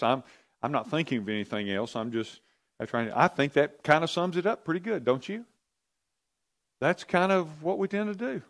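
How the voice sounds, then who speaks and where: A man's voice: a little high, creaky. A man leading an interactive church teaching, conversational, asking the audience questions and often repeating himself. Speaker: pastor or Bible teacher.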